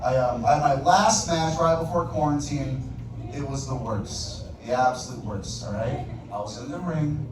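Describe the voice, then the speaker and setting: On stage at a comedy club, a male comic with a high voice performs a stand-up set, bantering with the crowd and shouting his punchlines. The distant mic picks up the echo of the club and the audience's noise.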